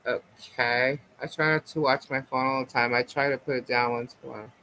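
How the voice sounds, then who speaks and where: A man's voice: medium pitch, steady tone, brisk, sharp tone, slight background noise, poor audio. A man hosting a casual live stream chat, rambling through his thoughts with lots of fillers. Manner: rambling, filler-heavy, chatty.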